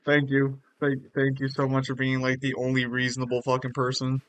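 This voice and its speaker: A young man streaming a video game, chatting excitably and swearing a lot. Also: mid-range voice, brisk. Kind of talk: casual gaming stream chat.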